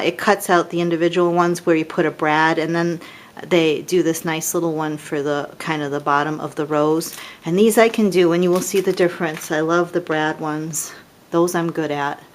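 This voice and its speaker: A woman's voice: on the low side, slight background noise. A middle-aged woman casually demonstrating papercraft dies, chatty and self-deprecating as she admires each piece.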